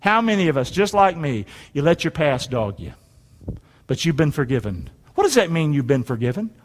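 A man's voice: fairly high pitch, big pitch swings, normal speed, a little hiss or hum. A man preaching a sermon, leading the congregation in call-and-response and reading scripture aloud. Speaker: pastor. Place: church sanctuary. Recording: long hall reverb.

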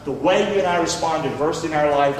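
Middle-aged guy preaching, high voice, folksy and punchy, sounds far off in a big echoey church. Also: rapid-fire, slight background noise. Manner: folksy, emphatic, calls for amens. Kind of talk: sermon.

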